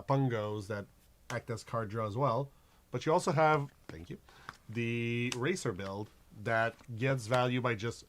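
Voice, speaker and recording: A man's voice: medium pitch, fairly bright tone. A middle-aged man co-hosting a card game stream, chatting casually, laughing easily and narrating his plays. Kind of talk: casual chat while playing a card game.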